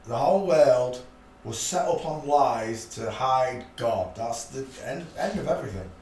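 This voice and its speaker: A man with a medium-pitched, slightly mellow voice and lively intonation speaks a little slowly. He's hosting a rambling live stream, muttering to himself and chuckling in a blunt, offhand way. The mic sits at a distance in an echoey room, with a faint hiss.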